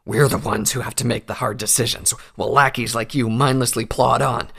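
A man's voice: mid-range voice, steady tone, a little fast, gravelly, fairly bright tone, husky. A man voicing a defiant, captured male pony saboteur under interrogation. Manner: defiant, strained. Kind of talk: audiobook character voice.

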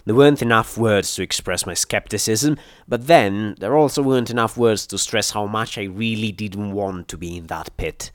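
A man reading an action story aloud in first-person narration, with steady, dramatic storytelling. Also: fairly low pitch, moderate pace, few pauses, no echo, clean studio sound. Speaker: audiobook reader.

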